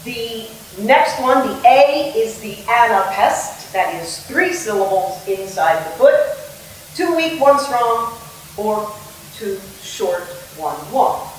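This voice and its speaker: A woman's voice: fairly high pitch, lively intonation, takes it slowly, slight background noise. A woman theatre director giving a playful lecture on verse meter, acting out rhythms as she explains. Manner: playful, sings and acts out rhythms. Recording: echoey room, mic at a distance.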